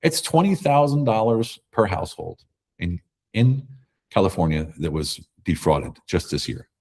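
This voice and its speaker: A man guest in a conversational interview, talking emphatically and telling animated stories. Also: low voice, moderate pace. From America. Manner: emphatic, animated storytelling with acted quotes.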